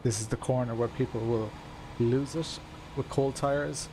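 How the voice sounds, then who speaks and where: A man's voice: mid-range voice, steady tone, measured pace, noisy background. A young man giving live, rambling commentary while racing in a sim game, laughing often and chatting to his viewers.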